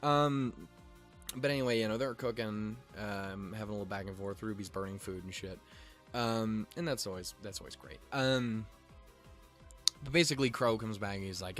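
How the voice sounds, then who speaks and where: A young man rambles through an episode recap in a relaxed, casual way. His talk is full of "um"s, restarts and constant swearing, with joking asides. Faint music plays underneath. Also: on the low side, moderate pace. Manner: profane, filler-heavy, joking. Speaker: show review vlogger.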